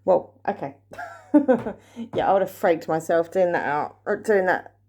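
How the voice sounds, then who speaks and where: A woman vlogging a paranormal session at home, talking quietly and nervously as she calls out questions to spirits. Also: on the low side, measured pace. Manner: hushed, nervous, asking questions into the dark. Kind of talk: ghost-hunting session vlog.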